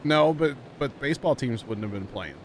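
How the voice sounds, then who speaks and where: A man's voice: mid-range voice, normal speed. Rambling streamer man with background noise. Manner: rambling, animated storytelling with many fillers. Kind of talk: casual chat while streaming a game.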